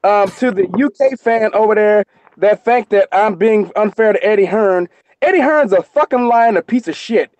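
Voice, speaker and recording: An American man co-hosting a boxing live stream goes on an angry, profane rant, swearing constantly. His voice sits high with a darkish tone, he speaks at a moderate pace, and there's no room sound.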